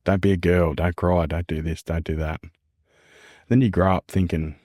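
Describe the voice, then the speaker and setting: Deep-voiced Australian man, earnest and candid. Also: steady tone, normal speed, darkish tone, dry recording, clean studio sound. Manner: earnest, repeats phrases, calls listener man and mate. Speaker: podcast guest. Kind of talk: candid casual conversation.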